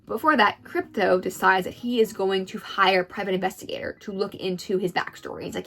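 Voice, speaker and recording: A woman retells someone else's story at a brisk, rapid clip. She is chatty and casual, dropping into quoted lines. Faint background music sits under her voice. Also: mid-range voice, gravelly. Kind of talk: story recap commentary.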